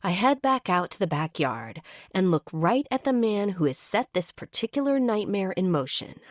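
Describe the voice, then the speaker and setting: A woman's voice: mid-range voice, very animated, normal speed, dry recording, studio quality. A woman narrating a first-person romance audiobook in a wry, exasperated manner.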